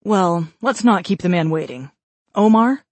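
Man putting on a young woman gamer, raised pitch, slightly husky, dry close sound, level-headed. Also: a little slow, darkish tone, no room sound. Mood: resigned. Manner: level-headed, urging the team on. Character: practical young woman gamer, cleric player. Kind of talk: audiobook character voice.

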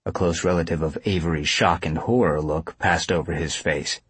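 Low, quiet male audiobook narrator. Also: fairly even intonation, normal speed, slightly rough, no echo. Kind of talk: scripted narration.

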